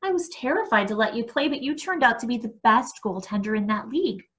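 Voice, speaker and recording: A woman voicing a gentle, apologetic middle-aged mother who speaks softly and pleads with affection. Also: on the high side, lively intonation, brisk. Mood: pleading.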